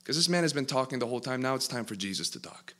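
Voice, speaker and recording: A male preacher telling a parable from the pulpit, his voice bright and forceful. He builds the story dramatically, slowing down and then surging in volume at the tense moments. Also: mid-range voice, expressive. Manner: dramatic, building narration with sudden bursts. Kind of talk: sermon storytelling.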